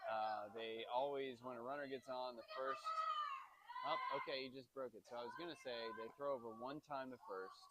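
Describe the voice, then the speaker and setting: A man with a Texan accent calling a youth baseball game, chatting with viewers and getting louder on big plays. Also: mid-range voice, moderate pace, very noisy. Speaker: youth baseball play-by-play announcer. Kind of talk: casual play-by-play commentary. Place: outdoor youth baseball field.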